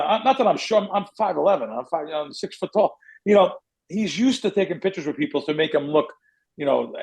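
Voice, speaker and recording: A middle-aged man with a gravelly, fairly high voice spins a long story as a podcast host. He rambles, stops himself and restarts, and gets animated as he talks. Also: low-quality recording. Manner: rambling, self-correcting, animated. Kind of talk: casual storytelling.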